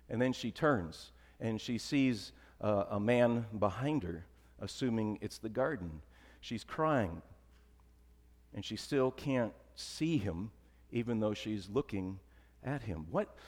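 Preaching slowly and expressively, a pastor leaves long pauses in his sermon. His conversational delivery sinks into soft, emphatic lows, and the church around him is reverberant.

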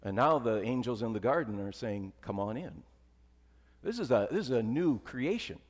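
A male pastor gives an animated, conversational sermon at normal speed and middle pitch, often settling into soft, emphatic lows. A long reverb trails his voice through the church.

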